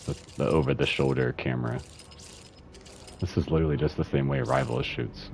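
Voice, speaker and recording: A man's voice: rumbling low, very animated, fairly quick, creaky, a little hiss or hum. A young man streaming a game, casually reading in-game letters aloud with laughing, swearing commentary.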